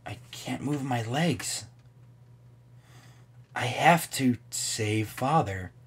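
A man reading a timid young girl's game dialogue aloud in a slow, plaintive way. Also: medium pitch, expressive, breathy edge, exaggerated voice. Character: timid young girl, gentle and anxious.

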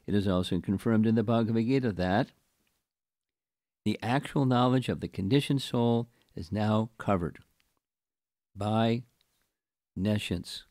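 An older man giving a scripture class, reading a long commentary slowly and deliberately and explaining it to his listeners. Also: on the low side, dark tone, no room sound, clean studio sound. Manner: slow, deliberate reading with chanted verse recitation.

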